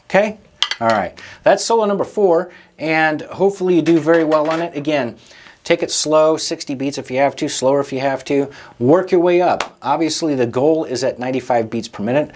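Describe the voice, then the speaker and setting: A man's voice: a little high, brisk, a little mellow, slight background noise. A man teaching a drum lesson in a patient, encouraging way, often checking in with the listener. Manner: casual, checks in with frequent "okay?" and "right?". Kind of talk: instructional explanation.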